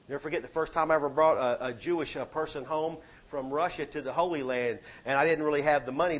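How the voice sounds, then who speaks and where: Middle-aged preacher, man, higher voice, punchy sermon delivery with booming and hushed swings. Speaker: pastor.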